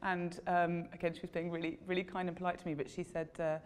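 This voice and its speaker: A woman, an actor, telling a self-deprecating story about an audition in a casual, animated way, laughing at herself. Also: fairly low pitch, fast, smooth, long reverb tail. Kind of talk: casual anecdote to camera.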